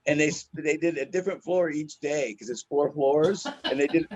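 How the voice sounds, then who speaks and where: A man's voice: a little high, normal speed, poor audio. A man who is a stand-up comedian, telling a story in a casual, profane, slangy way and laughing often.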